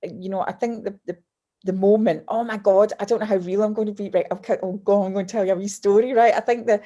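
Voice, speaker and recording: A Scottish woman in her fifties, a guest telling lively stories in casual chat, often breaking off and restarting her sentences. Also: mid-range voice, fast. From Scotland. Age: 50s. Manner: lively storyteller, self-interrupting and restarting. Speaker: guest, business mentor and author.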